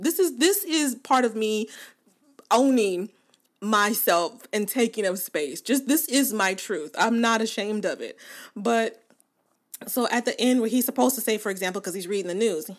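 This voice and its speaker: A woman's voice: medium pitch, animated, normal speed. A woman hosting a podcast in casual chat with her listeners, chatty and emphatic, often laughing and repeating her points for weight. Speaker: podcast host.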